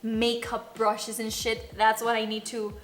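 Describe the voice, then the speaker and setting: A woman's voice: a little high, completely flat delivery, unhurried. A woman with a Spanish accent, a native Spanish speaker, chatting giggly and casual through a makeup tutorial, swearing freely. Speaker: beauty vlogger. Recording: roomy echo, faint music.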